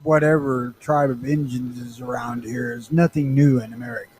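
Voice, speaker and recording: A man on a comedy podcast, delivering dry, deadpan one-liners from outside near a street. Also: mid-range voice, normal speed, low-quality recording.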